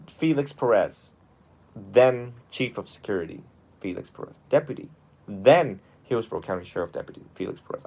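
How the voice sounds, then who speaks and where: A young adult man, a monastic teacher, talking one on one in a lively storytelling way with frequent laughs. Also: fairly low pitch. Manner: animated storytelling, often laughing. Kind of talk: one-on-one mentoring talk.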